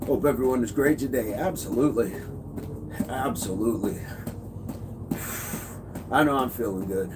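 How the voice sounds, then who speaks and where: A man's voice: mid-range voice, normal speed, long pauses. A man coaching fitness on a casual livestream, upbeat, reading and answering viewer comments. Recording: noisy background.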